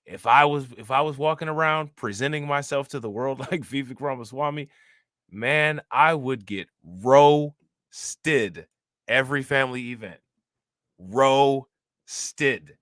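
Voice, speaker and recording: A man with a mid-range, slightly bright voice reacts to news clips at a slow pace, using casual slang, mocking what he sees, and talking directly to his viewers. The sound is studio quality with no echo.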